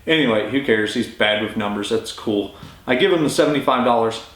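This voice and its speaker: A man's voice: mid-range voice, a little fast. A young adult man casually telling a story-time tale in a chatty, informal way. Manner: informal, chatty, lively retelling. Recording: roomy echo.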